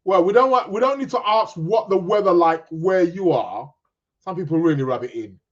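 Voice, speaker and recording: This man hosts an astrology podcast, chatting casually and reading viewer comments in a rambling, joking, self-interrupting way. His voice is high-pitched and expressive at a moderate pace, and the recording has its highs cut off.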